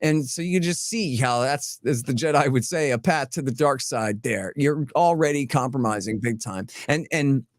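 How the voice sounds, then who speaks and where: A man's voice: mid-range voice, dry recording, clean studio sound. A man speaking as a guest in a casual podcast conversation, blunt and emphatic, firing off lists of points with rising heat. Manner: emphatic, blunt and animated, piling up rapid lists; mocking tone when voicing opponents.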